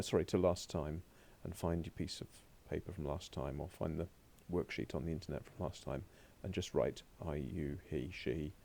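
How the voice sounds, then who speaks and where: A man's voice: low-pitched, gravelly, mellow. A man teaching a recorded remote French lesson, chatting to himself as he works through slides on a laptop. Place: home or classroom desk at a laptop.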